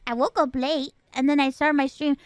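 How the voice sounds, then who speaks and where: A woman streamer telling a story in a casual chat, animated and exasperated as she retells it. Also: high voice, normal speed, no room sound, soft background music.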